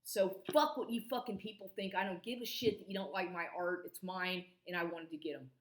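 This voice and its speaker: A woman's voice: fairly low pitch, fairly even intonation, a little fast. A woman telling a personal story in an angry, rambling way, swearing a lot, repeating herself and restarting her sentences. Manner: profane, agitated, repeats and restarts. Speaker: vlogger. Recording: echoey room.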